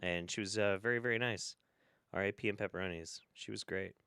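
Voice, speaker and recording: Bright, laughing streamer host. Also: male voice, fairly low pitch, a little fast, smooth, dry recording, studio quality. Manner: laughing, swearing, rambling. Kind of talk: casual reaction commentary.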